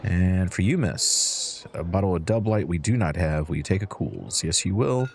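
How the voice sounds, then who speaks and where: Very low-voiced man playing a bar game. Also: expressive, normal speed, creaky, darkish tone. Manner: chatty, talks to game customers while counting change. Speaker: gaming channel host. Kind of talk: relaxed let's-play commentary.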